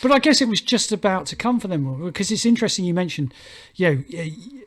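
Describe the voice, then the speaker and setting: A man co-hosting a podcast in relaxed chat, agreeable and quick to say yeah. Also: high-pitched. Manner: relaxed, agreeable, many yeahs. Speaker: podcast co-host. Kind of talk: casual chat.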